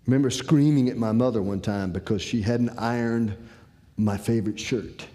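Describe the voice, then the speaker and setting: A man's voice: mid-range voice, normal speed, slight background noise. A man telling a personal story to an audience, acting out the dialogue. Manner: animated, acts out the dialogue. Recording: long hall reverb.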